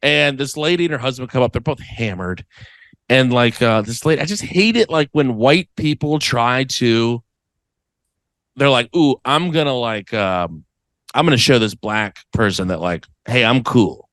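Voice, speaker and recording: A man's voice: mid-range voice, moderate pace, no room sound, poor audio. A man co-hosting a comedy podcast, telling a story in casual chat and acting out the people in it. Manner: animated storyteller acting out other people's voices. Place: podcast studio.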